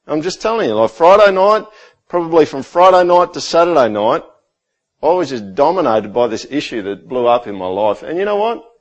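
A middle-aged man preaching a sermon in a conversational way, full of rhetorical questions, sometimes dropping to a quiet, intense tone. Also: on the high side, big pitch swings, fairly quick, dull audio. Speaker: pastor.

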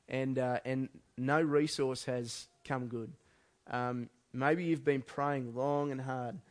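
A man preaching a sermon in a conversational way, often restarting his sentences. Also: mid-range voice. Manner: conversational, with frequent restarts and fillers.

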